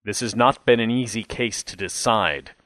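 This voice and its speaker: A man voicing a stern elderly male judge, speaking in a formal, measured way. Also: on the low side, sharp tone, no room sound, rough recording.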